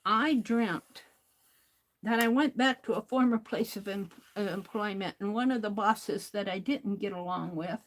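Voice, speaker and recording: A woman hosts a crafting livestream, chatting casually with viewers as she works and laughing often. Her voice is medium-pitched and unhurried.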